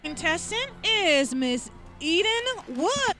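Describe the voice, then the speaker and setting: A woman narrating a TV show with a bright announcer delivery. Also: very high voice, sing-song, takes it slowly. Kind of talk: scripted TV narration. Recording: TV clip played with music under it. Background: music.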